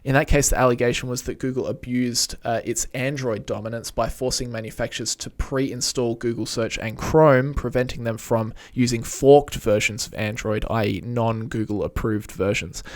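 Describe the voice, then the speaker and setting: A man's voice: medium pitch, fairly even intonation, moderate pace, hardly any pauses. A young man co-hosting a podcast, chatting casually and joking, his voice a bit worn from being unwell. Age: young adult. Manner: chatty, jokey, lots of fillers. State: unwell, strained voice. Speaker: podcast co-host.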